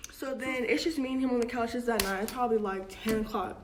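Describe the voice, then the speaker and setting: A woman's voice: fairly high pitch, fast talker, few pauses, background noise. Chatty young woman with slangy talk. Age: young adult. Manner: chatty slangy storytelling, acting out family quotes. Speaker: vlogger. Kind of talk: casual storytime.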